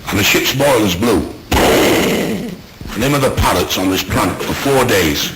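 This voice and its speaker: A man doing stand-up, telling jokes in a deadpan way with constant "he said" tags. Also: fairly low pitch, a little slow. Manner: deadpan joke delivery, many he-said tags. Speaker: stand-up comedian. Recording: loud background noise.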